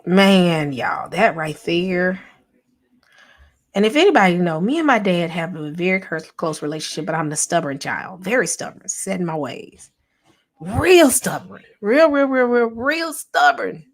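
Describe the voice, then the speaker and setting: A woman with a slightly low voice talks straight to her viewers in a relaxed livestream. She speaks softly and thoughtfully, answers comments from the chat, and at times drops almost to a whisper. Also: normal speed. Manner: soft and reflective, sometimes drops to a whisper. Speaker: vlogger and channel host. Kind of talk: casual heartfelt livestream chat.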